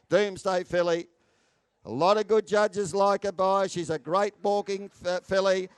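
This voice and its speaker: A man, calling bids as a live horse auctioneer with a rapid, rhythmic chant and salesman patter. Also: sits high, clear, resonant tone, no room sound. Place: sales ring.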